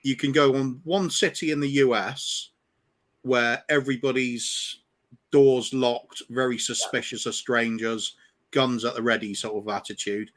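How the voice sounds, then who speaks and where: Man, mid-pitched voice, casual chat, meandering, hesitant fillers. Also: steady tone, unhurried, a bit bright.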